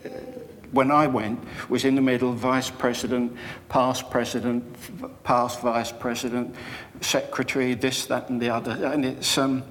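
An older man preaching a sermon, telling personal stories in a slow, unhurried way. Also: medium pitch, level tone, fairly bright tone, in a large hall, a little hiss or hum. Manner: slow, storytelling delivery with personal anecdotes. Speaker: Methodist preacher.

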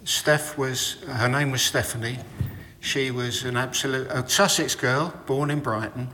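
A middle-aged man giving a reflective, sermon-style talk, telling personal stories about faith in a measured way. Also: medium pitch, sharp tone, big-room sound, slight background noise.

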